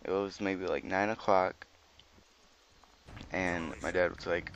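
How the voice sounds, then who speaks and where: A man's voice: low voice, flat delivery, unhurried, a bit bright, a little hiss or hum. A young man, a teen, rambling informally and swearing now and then as he tells a personal story over gameplay commentary. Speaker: gaming video commentator.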